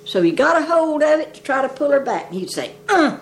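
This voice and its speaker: Older woman, folksy rambling storyteller, a bit high, faint noise. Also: very animated, quick pace, creaky. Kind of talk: telling folk jokes.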